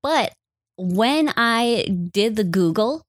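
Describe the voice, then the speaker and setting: A woman's voice: on the high side, lively intonation, takes it slowly, dry recording, clean studio sound. A young woman from Wisconsin, co-hosting a casual podcast chat in a chatty, self-deprecating, joking way. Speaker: podcast co-host.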